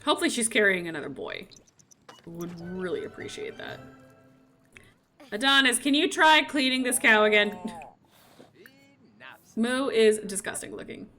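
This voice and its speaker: A young woman with a bright, slightly high voice gives casual commentary over a life-sim game. She chats to her characters as she plays and slips into playful little voices for them. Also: animated, normal speed, pauses often, faint music behind. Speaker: streamer.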